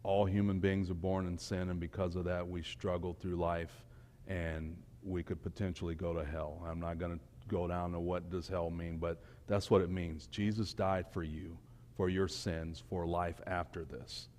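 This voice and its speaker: A man giving an informal, emotional sermon to young people, swinging between quiet and loud. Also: sits low, little pitch movement, moderate pace, slight background noise. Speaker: speaker at a church youth talk. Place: church hall. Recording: long church hall reverb.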